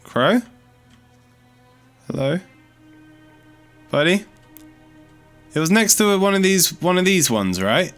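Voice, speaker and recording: A man's voice: high voice, big pitch swings, normal speed, few pauses, a bit bright, clear, resonant tone, soft background music. A man giving casual gameplay commentary as a let's play host, chatty and thinking aloud as he explores, easily startled.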